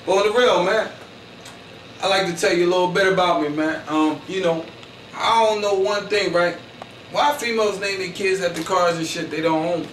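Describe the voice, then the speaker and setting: Here the Philadelphia comic talks at normal speed in a high-pitched, fairly bright voice, spinning a slangy, bragging, meandering story and leaning constantly on "you know what I'm saying." Faint noise and echo come through a far-off mic.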